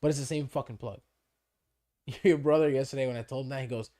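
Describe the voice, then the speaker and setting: A man's voice: mid-range voice, fast, dark tone. Man swapping stories on a podcast. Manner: swears freely, acts out quoted dialogue. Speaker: podcast co-host. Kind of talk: casual storytelling chat.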